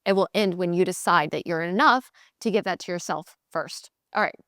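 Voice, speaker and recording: A woman hosting a podcast, giving blunt, animated sales coaching in a casual motivational talk. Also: on the low side, fairly quick, dry recording, studio quality. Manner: blunt, animated, mimics voices in quotes.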